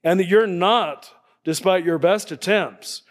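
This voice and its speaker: A man gives a spiritual talk to a gathered audience, his voice sitting a little high for a man. He speaks conversationally, checks in with the room through frequent tag questions, and chuckles softly along the way. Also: measured pace. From United States. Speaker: spiritual teacher.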